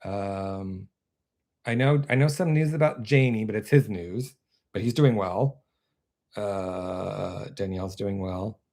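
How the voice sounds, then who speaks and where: A man hosting a casual live stream from his computer, rambling and interrupting himself, laughing often, with his voice going a bit hoarse. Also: lowish voice, slow, a little mellow. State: losing his voice. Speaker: actor and web series creator hosting a live stream.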